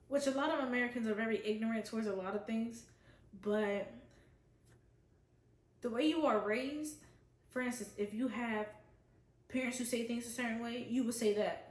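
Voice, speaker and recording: A woman's voice: a little high, moderate pace, pauses often, roomy sound. A woman casually giving an opinionated, chatty review of a reality show. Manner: chatty, opinionated, quotes others in voices. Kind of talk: casual chat.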